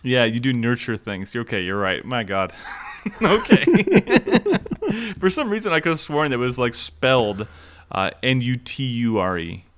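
A man's voice: medium pitch, wildly swooping pitch, a little slow, fairly bright tone. A man from Minnesota in his thirties co-hosting a casual podcast chat, laughing often and swearing freely. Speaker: podcast co-host.

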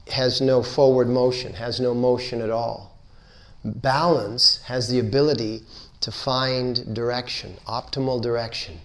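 A man giving a spiritual lecture, unhurried and playful, repeating words in rhythmic build-ups. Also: mid-range voice, fairly bright tone. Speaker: spiritual teacher.

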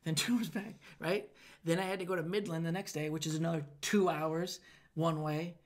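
A man from Michigan, a stand-up comedian, telling stories in a casual podcast chat with animated, profane delivery. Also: a little high, moderate pace. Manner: animated, profane, laughing storyteller.

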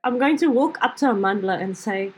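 A woman's voice: fairly high pitch, expressive, brisk, slightly rough, rough recording. A woman playing a tabletop game, describing her moves in a dry, matter-of-fact way. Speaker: player. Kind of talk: casual tabletop game chat.

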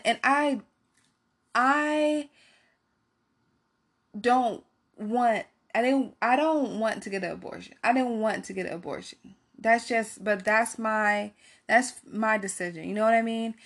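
High-voiced woman telling a candid story. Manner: candid, profane, rambling with many fillers. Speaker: storyteller addressing viewers. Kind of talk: casual storytime chat.

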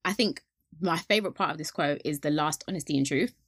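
A woman hosting a casual faith discussion podcast, animated and quick to laugh, acting out little quotes as she talks. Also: low voice, breathy edge, no room sound, clean studio sound. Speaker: podcast host.

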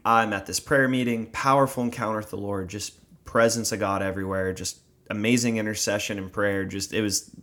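Earnest low-voiced male podcast host. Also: fairly quick. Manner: earnest, animated storyteller. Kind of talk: casual conversation, storytelling.

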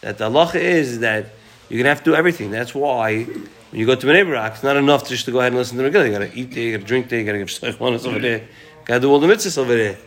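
A man's voice: mid-range voice, rapid-fire, a bit bright. A man teaching a casual Talmud class, quoting Aramaic and Hebrew passages and then explaining them in informal, conversational English.

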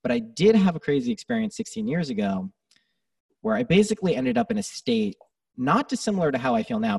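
A man speaking as a podcast guest, telling his story in a casual, animated way, swearing freely and acting out his own thoughts. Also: medium pitch, gravelly, breathy edge, no room sound, distant mic.

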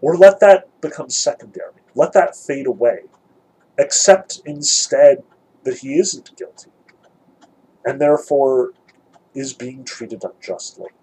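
Husky-voiced man analyzing a novel. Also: mid-range voice, a little slow, a little mellow, poor audio. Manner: thoughtful, emphatic, some restarts. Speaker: literature lecturer.

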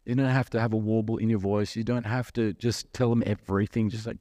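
A man's voice: fairly low pitch, fairly even intonation, brisk, few pauses, warm tone, no echo. A man preaching a sermon in a conversational way, asking the listeners questions and acting out little asides. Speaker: pastor.

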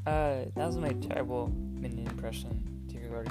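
A woman's voice: extremely low pitch, fairly even intonation, fairly quick, few pauses, music in the background. A woman hosting her own casual podcast, rambling on with frequent swearing and self-mocking asides. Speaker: podcast host.

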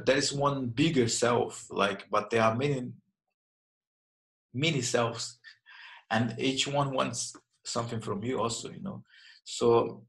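A man in his thirties, a martial arts instructor, answering interview questions in a reflective, halting way with many restarts. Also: medium pitch, creaky, fairly bright tone, low-quality recording. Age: 30s.

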